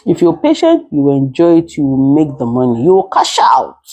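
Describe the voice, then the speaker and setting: Husky Nigerian woman giving animated advice. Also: low-pitched, normal speed, no echo. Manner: emphatic, lecturing, mixes in Nigerian Pidgin. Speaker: content creator and caregiver. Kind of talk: casual advice talk to camera.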